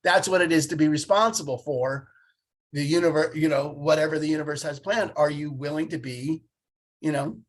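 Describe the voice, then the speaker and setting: Husky older man telling stories. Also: a little high, brisk. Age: 50s. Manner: animated storytelling, acts out quoted voices. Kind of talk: casual conversation.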